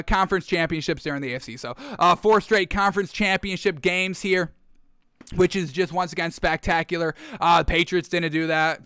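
A man hosting a sports talk show, excitable, ranting and repeating himself in casual commentary. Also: sits high, smooth, no echo, studio quality.

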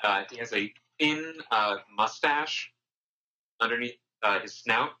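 A man narrating a tabletop game as game master, quick and full of fillers. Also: mid-range voice, bright, forceful tone, rough recording.

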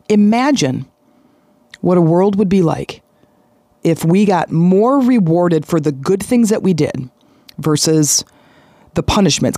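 Animated speaker with a dry, close sound. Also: no room sound. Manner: animated, conversational, frequent pitch jumps for emphasis; rambling asides and self-corrections. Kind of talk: casual motivational monologue.

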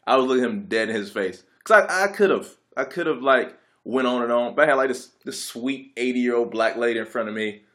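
A man's voice: mid-range voice, fairly even intonation, brisk, hardly any pauses, a bit bright. A young adult man telling a casual story in a rambling, laid-back way, with lots of filler words. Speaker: vlogger.

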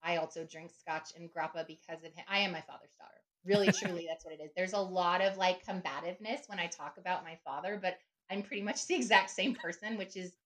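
A middle-aged woman talks quickly with few pauses as a guest in a conversational podcast interview. Her lowish voice is a bit bright, and her reflective chat is sprinkled with "right?" and "you know."

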